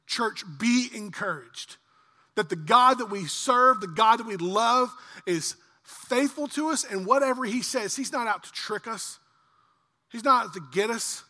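A man in his forties, a pastor preaching a sermon in earnest, swelling louder on lists and slowing on key lines. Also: extremely high pitch. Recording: long reverb of a church hall.

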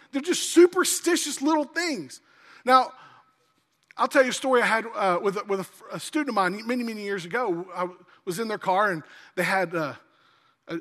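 A man preaching a sermon, telling personal stories and acting out the voices of the people in them, slowing down to stress key words. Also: high voice, pushed and bright, in a large hall. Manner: storytelling preacher, acts out quoted voices, slows for emphasis. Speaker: pastor.

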